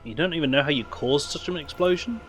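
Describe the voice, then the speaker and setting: A man's voice: a little high, fast talker. A man hosting a video game playthrough. He reads the on-screen text and rambles casually between the lines, with plenty of fillers and faint music in the background. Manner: relaxed, rambling, full of fillers. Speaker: host. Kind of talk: reading game text and chatting.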